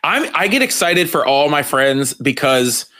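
A man hosting a podcast, chatting casually in an excitable, profane way. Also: on the high side, measured pace. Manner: excitable, profane, laughs often. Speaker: podcast host.

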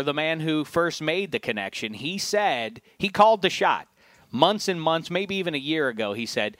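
A man hosting a sports podcast, chatting casually with jokey, animated banter. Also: on the high side, moderate pace, dry recording. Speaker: podcast host.

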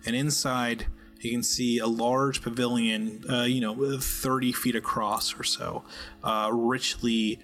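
A man leads a tabletop game as its game master, narrating scenes in a bright, forward voice. His delivery stays flat and even, broken up by ums and uhs as he builds each scene. Soft music plays underneath. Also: medium pitch. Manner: halting narration with many fillers.

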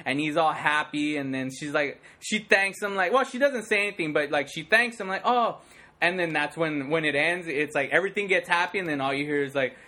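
A man in his thirties in casual chat, rambling excitedly, packing his talk with "like" and acting out sound effects. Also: fairly high pitch.

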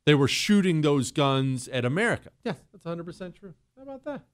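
A man's voice: fairly high pitch, animated, brisk. A man hosting a call-in radio talk show, brash and joking as he talks.

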